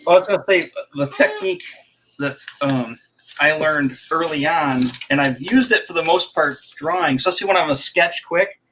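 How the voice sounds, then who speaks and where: Middle-aged male co-host, bright tense voice, lively storyteller, casual chat. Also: normal speed, a little hiss or hum. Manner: animated storyteller, jumps into high voices for quotes. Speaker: podcast co-host.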